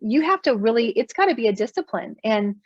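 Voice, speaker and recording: A woman's voice: on the high side, big pitch swings, fairly quick, dry recording. A woman in her thirties, a guest author on a podcast, talking in an earnest storytelling way with many fillers. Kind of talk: casual interview chat. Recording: dull, dry sound.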